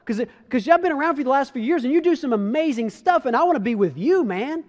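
A man preaching as a fervent, frightened disciple, pitched high and pushing hard. He pleads and insists in a raised, urgent voice. A long reverb of a large hall trails each line. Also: lively intonation, quick pace, darkish tone. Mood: pleading. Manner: pleading, impassioned, emphatic. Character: eager, frightened devoted male disciple, adult.

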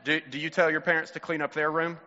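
A man serving as pastor asks children playful questions during a children's sermon, his voice on the high side with a level tone, quick pace, and a bright, forceful quality. He is in a church sanctuary, and the recording sounds muffled with long reverb.

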